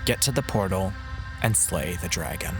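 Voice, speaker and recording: A man narrates a fantasy audiobook with measured, dramatic delivery. His voice sits fairly low. Music plays under the narration throughout. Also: animated. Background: background music.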